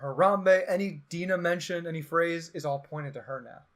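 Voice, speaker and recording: A young man hosts a podcast and tells a long story in loose, casual chat. His voice sits a little high, and he gets animated and sarcastic whenever he acts out what other people said. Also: normal speed. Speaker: podcast host.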